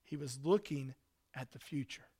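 A man preaching a sermon in an earnest way, rising to loud emphasis and dropping to soft, hushed lines. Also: medium pitch, lively intonation, moderate pace, husky. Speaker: pastor.

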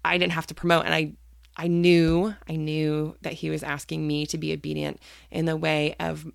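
A woman's voice: sits low, monotone, moderate pace, creaky, clean tone, no room sound, clean studio sound. A woman hosting a personal faith podcast, talking candidly and hesitantly with many fillers and restarts. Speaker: podcast host.

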